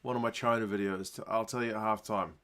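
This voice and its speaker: A man with a New Zealand accent hosting a casual rugby watchalong stream, chatting with viewers and getting excited at big plays. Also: on the low side, brisk. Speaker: livestream host.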